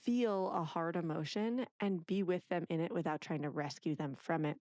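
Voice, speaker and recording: A woman's voice: lowish voice, moderate pace, no echo. A woman, a parenting author, chatting as a podcast guest and animatedly acting out the people in her stories. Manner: animated storyteller who acts out quoted speech. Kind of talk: casual interview conversation.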